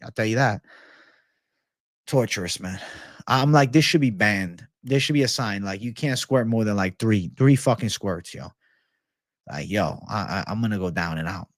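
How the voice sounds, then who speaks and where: A man's voice: mid-range voice, dry recording, clean studio sound. Profane ranting man hosting a livestream. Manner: profane, ranting, reads viewer comments. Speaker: livestream host. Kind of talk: casual livestream Q&A.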